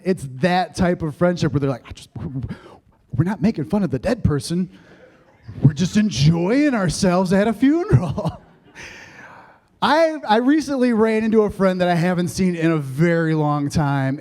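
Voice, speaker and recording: A man with a high voice preaches to his congregation as their pastor. He tells stories, cracks jokes and laughs along, and builds up lively excitement as he goes. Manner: joking, storytelling, laughs often; animated, rising excitement. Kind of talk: sermon.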